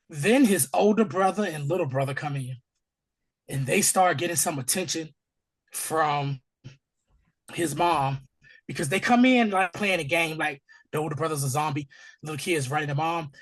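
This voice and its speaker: A hoarse, husky-voiced man talks through a TV episode with a co-host. He is casual and animated and jumps into quick voices for the characters. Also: on the high side. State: hoarse from allergies. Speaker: podcast host. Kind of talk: casual TV episode recap chat.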